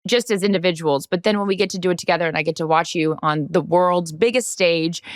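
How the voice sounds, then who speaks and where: A woman's voice: on the low side, quick pace, dry recording, clean studio sound. A woman in her forties co-hosting a chatty podcast, effusive and rambling, often restarting her sentences. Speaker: podcast co-host, sports broadcaster. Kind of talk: casual chat.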